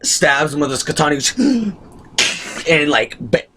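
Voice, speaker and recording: A man giving a casual, excitable spoken review, rambling through scenes as he retells them. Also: a little high, a little slow, slight background noise. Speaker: show reviewer.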